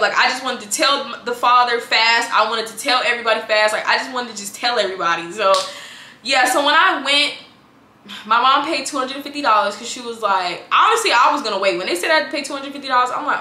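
Young woman vlogging, chatty storytelling, kinda high voice, roomy echo. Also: expressive, brisk, sharp tone. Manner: chatty, addresses viewers as girl and y'all. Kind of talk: casual storytelling to camera.

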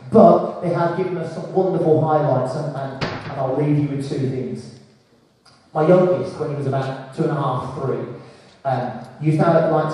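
A man's voice: fairly high pitch, dark tone. A man in his forties performing a stand-up comedy set, telling stories and acting out voices. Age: 40s. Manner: storytelling with acted-out voices. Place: comedy club stage. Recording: echoey hall from far off.

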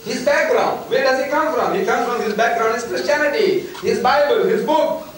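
Older male lecturer with a raised pitch, animated and rhetorical, recorded far off in a reverberant hall with faint hiss. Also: normal speed. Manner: animated, rhetorical, mocking tone with laughter. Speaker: lecturer on religion. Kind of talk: public lecture to students. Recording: echoey hall heard from afar with faint noise.

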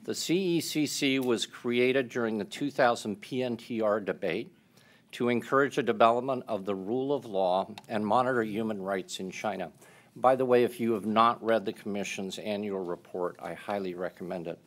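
A man with a fairly low voice opens a public event as moderator. He reads a formal, measured introduction of the guest, polite and orderly. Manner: measured, polite, reading prepared remarks.

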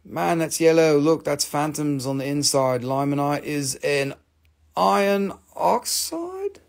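A man hosts a live crystal sale, his voice gravelly with fry and pitched a touch high. He talks in loose, joking sales patter and swears freely as he chats along. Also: flat delivery, normal speed, a little mellow. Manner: chatty, profane and joking. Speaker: host selling crystals on a live stream.

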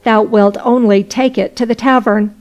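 A woman's voice: on the high side, steady tone, normal speed, a little mellow, close to an everyday voice, low-quality recording. A woman voicing an old male wind spirit who scolds a drunkard. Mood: scolding. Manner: stern, scolding.

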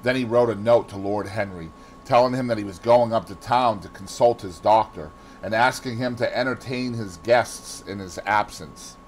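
A man with a Boston accent reading a classic novel aloud in expressive scripted narration. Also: on the low side, moderate pace, a little hiss or hum, rough recording. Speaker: audiobook reader.

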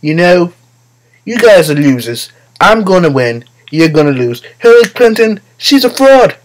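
A man's voice: high-pitched, very animated, moderate pace, voice pushed up, poor audio. A man doing an impression of a brash, boastful older male politician who taunts people with a mean face. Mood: taunting. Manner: mean-faced, bragging taunts.

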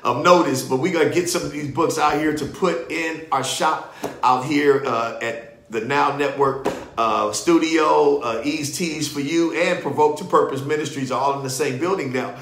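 A man hosting a live ministry broadcast and leading prayer, excitable, often repeating himself and laughing. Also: on the high side, moderate pace, reverberant, a little hiss or hum. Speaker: ministry host.

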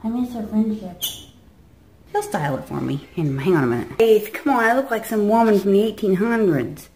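A woman's voice: mid-range voice, expressive, fairly quick, warm tone, slight background noise. A woman chatting to her pet parrot, coaxing and scolding it with exasperated, sing-song remarks. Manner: coaxing, exasperated, talks to the bird in a baby voice. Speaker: parrot owner. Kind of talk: casual chat to a pet parrot. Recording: music playing in the background.

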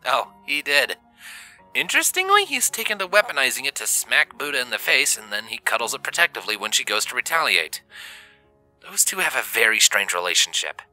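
A man playing a gentle joking young dad. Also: mid-range voice, very animated, brisk, soft background music, pitched above the performer's own voice, rough recording. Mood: warm. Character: warm caring young adult human dad.

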